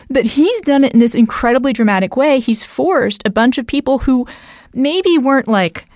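Brief: woman host, lively chatty political talk, mid pitch, dry close mic. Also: moderate pace, no room sound. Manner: animated, laughs often, chatty asides. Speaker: podcast host. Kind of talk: casual political conversation.

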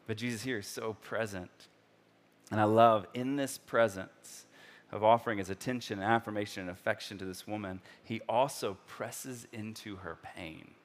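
A pastor preaches conversationally, his fairly low voice full of fillers as he acts out the scripture dialogue. He swings between soft, slow passages and loud, excited ones.

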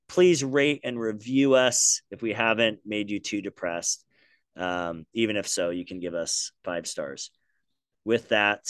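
A man's voice: fairly low pitch, fairly bright tone, smooth, no room sound. A man co-hosting a podcast, chatting casually in an upbeat, teasing way. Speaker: podcast co-host. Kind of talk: casual chat.

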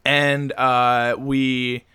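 A man from Jersey City co-hosts a casual podcast in a bright, lively tone. He jokes, swears freely and laughs often. The recording is dry and close, with no room sound. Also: mid-range voice, drawn-out words, clear, resonant tone, dry recording. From Jersey City, USA. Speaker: podcast co-host.

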